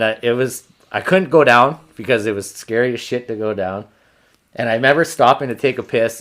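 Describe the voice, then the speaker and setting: A man hosting a podcast, telling a hunting story in a casual, animated, profane way. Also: mid-range voice. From Canada. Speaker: podcast host.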